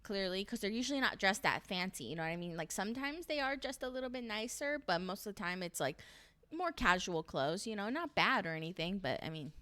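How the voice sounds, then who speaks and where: A woman's voice: medium pitch, animated, brisk, pushed and bright. A young woman talking casually to camera as she recaps a reality dating show, chatty and opinionated, swearing freely.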